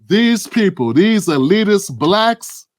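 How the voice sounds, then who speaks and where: Fiery high-voiced male commentator. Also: animated, takes it slowly. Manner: fiery, preaching, stacks rhetorical questions; addresses a co-host by name. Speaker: political commentary host. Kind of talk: impassioned political commentary.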